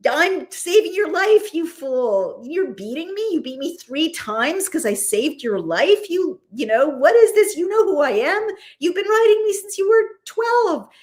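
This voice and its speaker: A woman's voice: very high voice, big pitch swings, a little slow, few pauses, darkish tone, pitched above the performer's own voice, exaggerated voice. A woman voicing an exasperated female donkey who scolds her rider like a nanny scolding a grown child.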